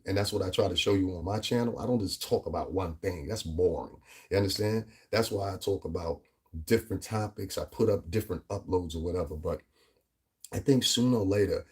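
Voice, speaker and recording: Low husky-voiced man ranting on his vlog. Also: darkish tone. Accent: New York area. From US Northeast tri-state area. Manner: rambling, emphatic, frequent "you know what I'm saying". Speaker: vlogger. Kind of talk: casual commentary vlog.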